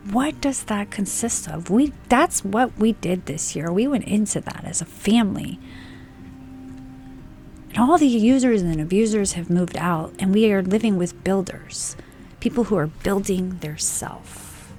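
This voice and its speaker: A woman giving an emphatic, unscripted spiritual monologue, stressing points with swearing and slow, deliberate phrasing. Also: medium pitch, lively intonation, a little mellow, a little hiss or hum. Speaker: spiritual channel host.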